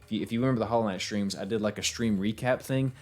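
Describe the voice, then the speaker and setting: A man's voice: on the low side, fast talker, a little mellow. A tired man streaming a game. He chats casually in a rambling, easygoing way, laughs often, and fills his talk with fillers. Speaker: game streamer and voiceover actor. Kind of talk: casual live-stream chat.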